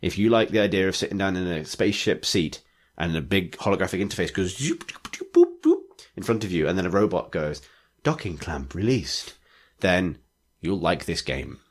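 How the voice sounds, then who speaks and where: A man's voice: sits low, fairly quick, hardly any pauses. A man co-hosting a gaming podcast, talking in a rambling casual way full of "like" fillers. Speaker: podcast co-host. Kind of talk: casual chat.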